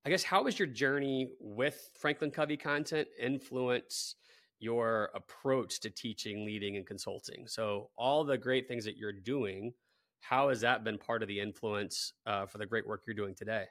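A man's voice: medium pitch, moderate pace, fairly bright tone, no room sound, studio quality. A man hosting a podcast, asking his guest a long question with hesitant fillers and restarts. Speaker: podcast host. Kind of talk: casual interview questions.

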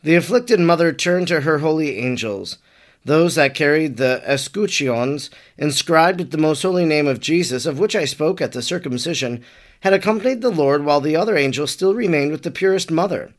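A man, a priest, reading an old devotional text aloud in a measured, reverent way. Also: a little high, expressive.

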